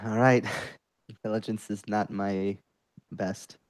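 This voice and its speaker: A man's voice: on the low side, steady tone, slow pace, slight background noise. A man playing a tabletop game, chatting in an easygoing way about his rolls and his character. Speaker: player. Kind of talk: casual tabletop game play.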